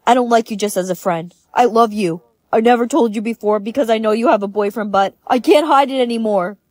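A teenage boy, lovesick and then vengeful, voiced by a synthetic woman's text-to-speech voice. The delivery is flat and machine-even for a TikTok storytime, pitched somewhat high. The sound is dry and close, with no room at all. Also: brisk, dry recording, natural voice. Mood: earnest.

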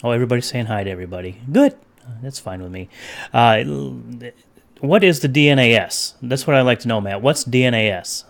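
A man chatting casually on a home livestream, talking straight into his webcam. He rambles loosely, drifts between topics and breaks off to greet viewers from the chat by name. His voice sits at an ordinary middle pitch. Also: fairly quick, vocal fry. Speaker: livestream host.

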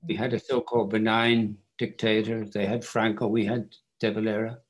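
Wry older author. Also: male voice, lowish voice, little pitch movement, moderate pace. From Ireland. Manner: wry, self-deprecating storyteller. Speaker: author guest. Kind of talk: bookstore event interview.

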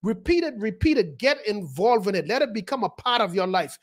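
Male pastor, sermon delivery, lively swinging pitch, emphatic repeats and questions to the room. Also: a little fast. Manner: emphatic, repetitive, rhetorical questions to the congregation.

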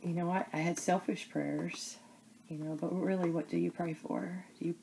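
A woman chatting casually to camera as a crafting vlogger, rambling and halting with many fillers. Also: lowish voice, fairly even intonation, vocal fry, dark tone, slight background noise.

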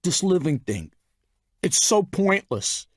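A man's voice: high-pitched, sing-song, slow pace, no echo, studio quality, pitched above the performer's own voice, exaggerated voice. A man reading an audiobook voices a distraught, hysterical man who talks in a choked, sobbing, menacing way.

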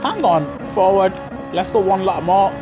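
A young British man chatting excitably to his live chat while playing a racing game on a headset mic. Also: sits high, normal speed, muffled recording, over music. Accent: British English. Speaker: gaming livestreamer. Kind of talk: casual live gameplay commentary. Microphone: gaming headset.

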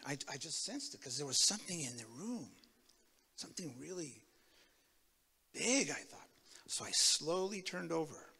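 A man from Tacoma, Washington, giving a sermon with his personal testimony, telling it in an animated way that swings from loud to hushed. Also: on the high side, creaky, husky, in a large hall. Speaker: guest preacher. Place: church sanctuary.

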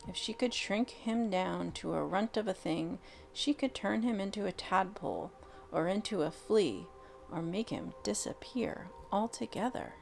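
Gravelly-voiced woman reading a storybook aloud. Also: mid-range voice, faint music behind. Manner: expressive, unhurried reading with dramatic pauses.

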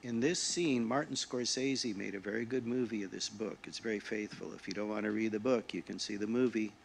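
A man giving a quiet, reflective, conversational sermon in a church sanctuary. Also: lowish voice, steady tone, a little fast, gravelly, a little hiss or hum. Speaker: lay speaker. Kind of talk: sermon with readings.

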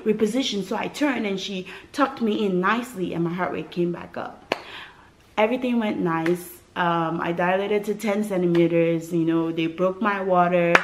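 A young adult woman from West Africa telling a personal story to camera in a vlog, animated and emphatic, acting out what people said. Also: on the low side, normal speed, slight background noise. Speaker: vlogger.

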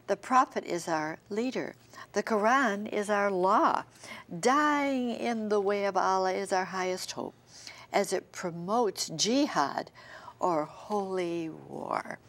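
Older lady co-host on a religious tv show, earnest, reads news out loud. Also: medium pitch, expressive, slow pace. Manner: earnest, emphatic, reads aloud. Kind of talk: television commentary and reading headlines.

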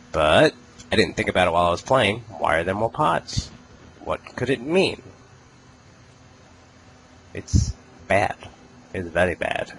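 A man's voice: deep voice, fairly bright tone, slight background noise, low-quality recording. A man giving casual gaming commentary, joking, laughing and cursing often. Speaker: let's play host.

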